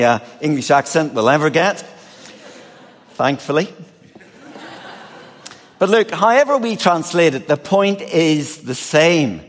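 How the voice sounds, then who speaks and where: A man preaching a sermon, measured and expressive, with a touch of dry humor. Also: fairly high pitch, in a large hall.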